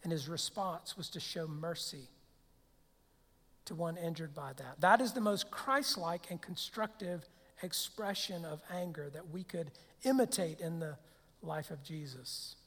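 Preaching at a measured pace, this man has a fairly high pitch and a fairly bright tone. His sermon as pastor is conversational, full of rhetorical questions and restarts, and it echoes with long hall reverb.

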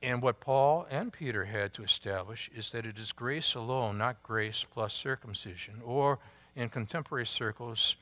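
A man preaching a sermon, slow and emphatic, drawing out key words with long pauses. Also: mid-range voice, a bit bright. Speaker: pastor.

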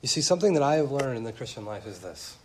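Animated male preacher, mid-pitched voice. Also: fast talker, a little hiss or hum. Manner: animated, shifting pace, rising to loud emphatic peaks. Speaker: pastor. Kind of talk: sermon. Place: church.

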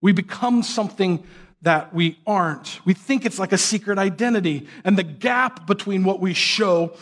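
A young man with a fairly high voice preaches a sermon in an easygoing, conversational way. He asks his listeners rhetorical questions and slips into quick mock voices of the people he describes. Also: fairly bright tone. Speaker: pastor.

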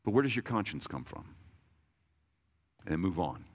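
A man in his thirties delivers a sermon in a fairly low voice. He speaks casually and conversationally, pokes fun at himself, and often restarts his sentences. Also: big pitch swings, normal speed, slightly rough. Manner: conversational and self-deprecating, with asides and repeated restarts. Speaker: pastor.

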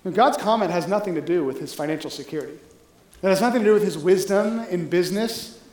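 A pastor delivers a sermon in an easygoing, conversational style and keeps checking in with the congregation. The voice sits at a middling pitch. The room adds a noticeable echo behind every word. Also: fast, darkish tone. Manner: conversational preaching, often asking "right?".

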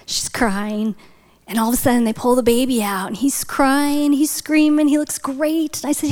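A woman's voice: a little high, a little fast, a little mellow. Woman preaching a dramatic story sermon. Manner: dramatic storytelling, drops to whispers for emphasis; rises to passionate exhortation. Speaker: speaker at a church.

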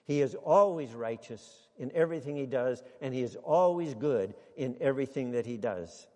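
A man preaching a sermon to a congregation, speaking deliberately and building to emphatic exclamations. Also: medium pitch, animated, warm tone, big-room sound. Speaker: pastor.

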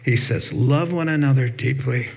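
A husky male pastor delivering a sermon, slipping into lively acted-out voices as he retells conversations. The recording is somewhat dull and lo-fi. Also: medium pitch, moderate pace. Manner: animated storytelling with acted-out dialogue.

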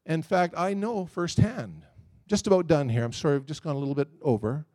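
A middle-aged man preaching a sermon, telling a story in a lively way and voicing the people in it. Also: on the high side, brisk. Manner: storytelling, animated, quotes others.

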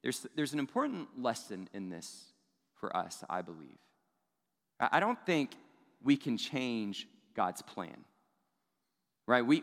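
Male pastor, mid-pitched, conversational sermon with rhetorical asides, hall reverb. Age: adult parent of young children.

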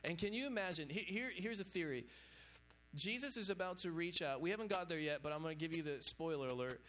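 A man's voice: on the high side, fast, a bit bright. Casual, chatty male pastor. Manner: casual, chatty, lots of fillers like "you know what I'm saying". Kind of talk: informal sermon to young adults.

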